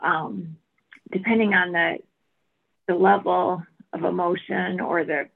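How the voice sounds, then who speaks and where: A woman working as an internal coach, sharing an example slowly and thoughtfully in a group discussion. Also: on the low side, steady tone, creaky, husky. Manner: slow, thoughtful. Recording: phone-like line.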